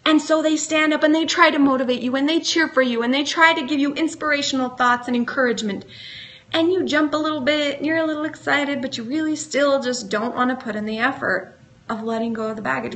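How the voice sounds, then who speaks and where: A middle-aged woman, a motivational speaker, addresses the camera live, asking earnest questions and guiding her listeners along. Her high voice sounds bright and forceful.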